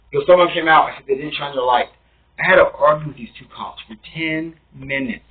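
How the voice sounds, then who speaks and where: A man's voice: fairly high pitch, breathy edge. A man casually telling a rambling, emphatic first-person story from his studio apartment. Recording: tinny phone-like sound.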